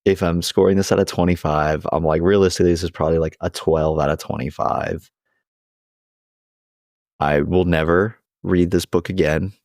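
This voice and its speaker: A man's voice: low voice, steady tone, normal speed, darkish tone, no room sound, studio quality. A young man co-hosting a podcast in casual chat, laughing often as he retells scenes. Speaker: podcast co-host.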